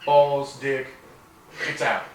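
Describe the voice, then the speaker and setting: A man's voice: medium pitch, extremely slow. A man co-hosting a casual podcast, telling a crude story with swearing and laughter. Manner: animated, swearing, laughing while talking. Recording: roomy distant mic with background noise.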